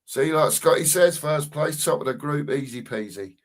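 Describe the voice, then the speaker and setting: A man co-hosting a live football watchalong, giving casual commentary and reading out chat messages with plenty of banter. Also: a little high. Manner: banter-filled, drawn-out emphasis on goal calls.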